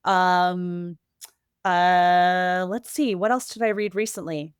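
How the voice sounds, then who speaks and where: A woman with a New England accent talking casually as a podcast guest, quick and lively with many fillers and restarts. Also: fairly low pitch, smooth, dry recording, clean studio sound. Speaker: podcast guest, marketing executive. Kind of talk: casual interview talk.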